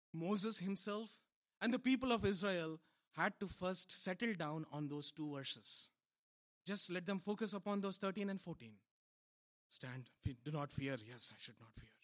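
A man preaching a sermon with a high-pitched voice, repeating key phrases for emphasis. He drops to soft, low asides, then swells into loud, urgent calls. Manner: emphatic, repetitive exhortation, swinging between soft and loud.

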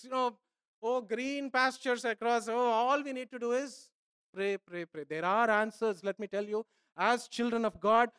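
A man preaching a sermon as pastor, emphatic, repeating phrases and swinging from soft asides to loud pleading. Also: extremely high pitch, clear, resonant tone, no room sound, studio quality.

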